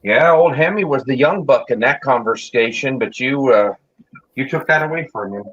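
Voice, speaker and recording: A man's voice: medium pitch, moderate pace, fairly bright tone, dry recording. A man chatting casually on a group stream, teasing and wisecracking at his friend. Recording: dull, lo-fi stream audio.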